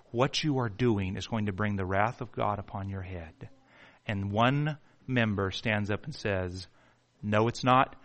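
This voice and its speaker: A man preaching a sermon with passion, swinging from hushed pleading to near shouting and stumbling over words when worked up. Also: lowish voice. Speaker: pastor.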